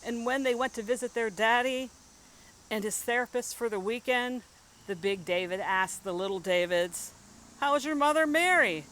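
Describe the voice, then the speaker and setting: A woman's voice: medium pitch, normal speed, a bit bright, low-quality recording. A woman poet performing spoken-word poetry in a rhythmic, rhyming delivery.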